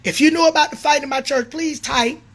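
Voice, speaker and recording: A middle-aged woman who is a prophetess and pastor rants furiously on a livestream, swearing, repeating herself, and at times shouting. Her voice sits high and moves a little fast.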